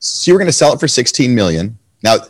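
A man hosting an interview podcast, slightly hoarse, asking enthusiastic, rapid questions. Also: mid-range voice, sing-song, dry recording. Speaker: podcast host. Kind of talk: conversational interview.

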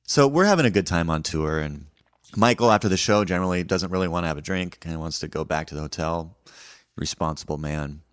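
Deep-voiced man telling a tour story. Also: a little fast, no echo. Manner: relaxed and wry, acting out quoted lines. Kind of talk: casual podcast storytelling.

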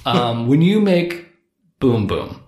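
Playful, animated man on a podcast. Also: mid-range voice, slow. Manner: playful, rambling, jokey. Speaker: podcast co-host. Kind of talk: casual podcast chat. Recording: roomy echo.

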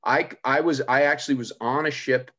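A man hosting a podcast, chatting casually and telling rambling stories with quick asides. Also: medium pitch, fairly even intonation, bright, forceful tone, muffled recording. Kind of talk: casual chat.

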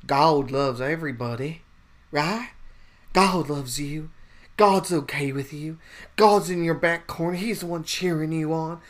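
A man doing a mocking impression of a soft-spoken male televangelist who sounds breezy, reassuring and vague. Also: a little high, unhurried, natural voice.

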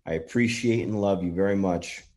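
A man casually demonstrating a recording tool, earnest and gently thankful toward spirits. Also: sits low, normal speed. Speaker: paranormal app demonstrator.

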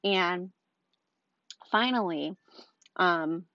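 Speaking extremely slowly in a fairly low, bright, forceful voice, a young mother of two little ones vents about her day for a casual storytelling vlog. Exasperated yet chatty, she fills her talk with "like" and "um." It's a dull, dry, lo-fi recording.

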